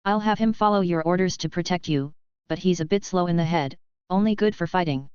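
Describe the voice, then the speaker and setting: A blunt, indifferent young man from a storybook speaks in short, offhand orders, read by a woman in her own low, smooth voice. The sound is dry and slightly dull. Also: fairly quick, darkish tone, no room sound, lightly acted. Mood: curt. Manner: curt, offhand. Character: cold, blunt young male fighter.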